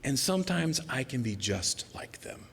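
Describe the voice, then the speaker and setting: A male pastor preaching a sermon in an earnest, personal way, sometimes dropping to a soft near-whisper for emphasis. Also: mid-range voice, very animated, moderate pace, gravelly, in a large hall, slight background noise. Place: church sanctuary.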